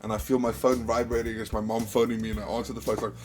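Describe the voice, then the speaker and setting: A man's voice: lowish voice, little pitch movement, rapid-fire, over music. A South African man hosting a stream, telling rambling, profanity-laced anecdotes in casual chat. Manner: swears often, rambling anecdotes. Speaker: streamer host.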